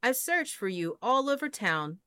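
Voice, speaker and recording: A woman's voice: fairly high pitch, sing-song, measured pace, no room sound, studio quality, full character voice. Woman doing a loving mother pig. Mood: relieved. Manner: warm, fussing, breathless relief.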